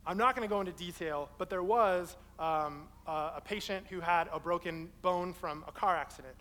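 A young man preaching a sermon in a casual, animated way, telling a personal story. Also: high voice, normal speed, in a large hall. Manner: casual, animated, acts out quoted people in his story.

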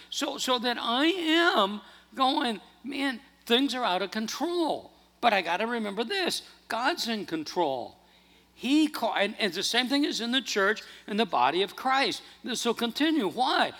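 Lively, bright-voiced male preacher. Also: high-pitched. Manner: animated, earnest preaching with restarts. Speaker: pastor. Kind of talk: sermon. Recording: long hall reverb.

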